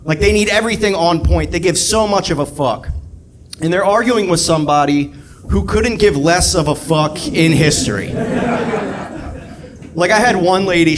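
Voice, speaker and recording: A man's voice: fairly high pitch, moderate pace, slight background noise. A man doing a sardonic stand-up routine on a club stage. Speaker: stand-up comedian. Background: audience laughter.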